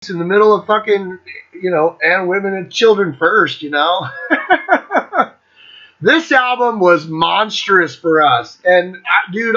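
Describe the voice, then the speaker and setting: An excitable man in his fifties talks about music with constant swearing and bursts of off-key singing. His voice sits high and swings wildly in pitch, with a bright, sharp edge. The recording is a little dull and lo-fi. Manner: profane, excitable, breaks into singing. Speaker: host. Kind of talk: casual monologue ranking albums.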